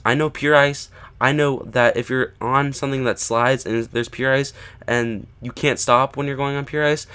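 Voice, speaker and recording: A man with a smooth, clean voice at an ordinary middle pitch tells a story in a chatty, casual way. He keeps checking in with his listeners and plays out the quoted lines with lively emphasis. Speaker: vlogger.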